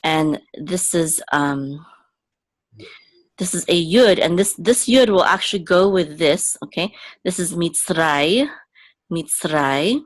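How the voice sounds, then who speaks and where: A woman's voice: on the low side, slow pace. A woman teaching Biblical Hebrew step by step, patiently repeating each word and checking in with "okay?" as she goes. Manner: adds frequent "okay?" checks. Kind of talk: slow step-by-step language lesson.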